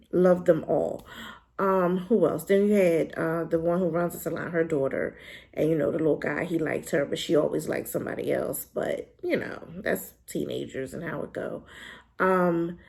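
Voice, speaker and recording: A woman giving a casual, animated spoken review of a drama, talking in a colloquial, emphatic way. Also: gravelly. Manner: animated, emphatic, colloquial with pitch jumps when worked up.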